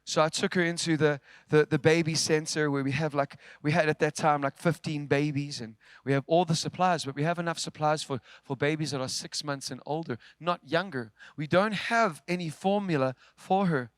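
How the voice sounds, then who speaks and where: A man preaching a sermon, telling a story with big swings from loud, forceful lines to hushed ones. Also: a little high, moderate pace, few pauses, smooth, no echo. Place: church.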